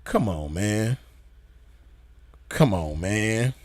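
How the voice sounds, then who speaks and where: A man hosting a gaming channel, chatting casually in an excited, slangy, profane way and repeating himself often. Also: lowish voice, extremely slow, no room sound. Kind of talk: casual chat.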